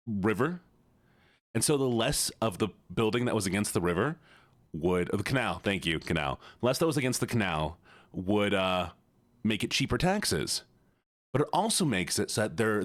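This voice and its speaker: A man's voice: on the low side, no room sound. A man streaming live, chatting with his viewers in a playful, teasing way.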